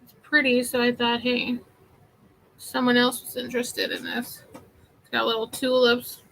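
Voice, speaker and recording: Chatty woman with a high voice. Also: completely flat delivery, a little slow, creaky, a bit bright, slight background noise, rough recording. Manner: chatty, rambling, many fillers. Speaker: vintage seller vlogger. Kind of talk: casual live haul chat.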